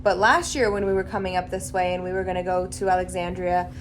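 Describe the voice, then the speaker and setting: A woman's voice: fairly low pitch, steady tone, fast, a little hiss or hum. A woman in her thirties talking casually in a road trip vlog, chatty and reflective with lots of "like". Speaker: vlogger. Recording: music playing underneath.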